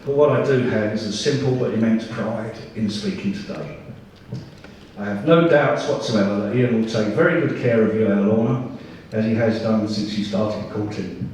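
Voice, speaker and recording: A man's voice: fairly low pitch, normal speed, darkish tone, a little hiss or hum. Father of the bride, echoey hall. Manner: emotional, joking, self-deprecating. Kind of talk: wedding speech with singing. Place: large wedding reception hall. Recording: echoey hall recorded from far off.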